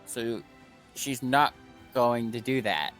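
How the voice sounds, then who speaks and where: A man's voice: medium pitch, slow pace, a bit bright, soft background music. A man taking his turn as a player in a tabletop game, casual and blunt.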